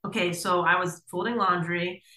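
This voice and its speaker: A woman co-hosting a podcast, telling a story in casual chat with animated, profane energy. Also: lowish voice, normal speed, echoey room. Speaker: podcast co-host.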